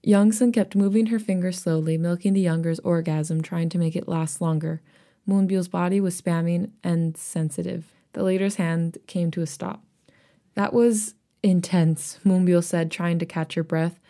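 Woman, podcast co-host, low pitch, mellow tone, casual reading aloud, giggly asides. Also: fairly even intonation, moderate pace. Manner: reads aloud, breaking into laughter and asides.

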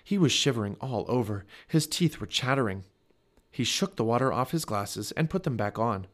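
A man's voice: medium pitch, moderate pace. A man reading a children's chapter book aloud for a family podcast, telling it expressively. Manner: expressive storytelling.

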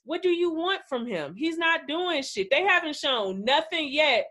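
A woman with a slightly high voice talks bluntly and playfully as a co-host. She swears freely and riffs on wordplay in a loose, casual chat. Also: sing-song, unhurried, bright, forceful tone. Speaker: podcast co-host. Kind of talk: casual chat recapping reality TV.

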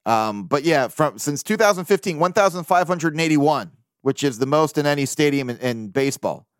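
A man hosting a sports podcast, talking through baseball news in a casual, profane monologue that swings between animated bursts and low mumbled asides. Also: fairly quick, no room sound, studio quality. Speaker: podcast host.

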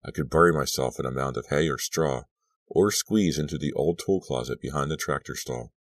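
Very deep-voiced male audiobook narrator. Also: fairly quick, no echo. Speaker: audiobook reader. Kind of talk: scripted first-person narration.

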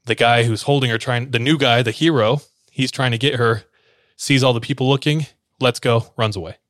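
A man's voice: mid-range voice, fairly even intonation, normal speed, a bit bright, no room sound, clean studio sound. A man hosting a podcast, casually retelling a story and slipping briefly into the characters' voices. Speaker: podcast host telling a story.

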